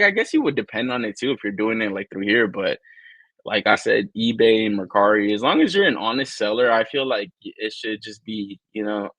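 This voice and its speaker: A man's voice: lowish voice, dry recording. Profane, rambling man on a live stream. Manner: profane, rambling, animated storyteller who acts out quotes. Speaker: podcast co-host. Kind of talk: casual live-stream chat.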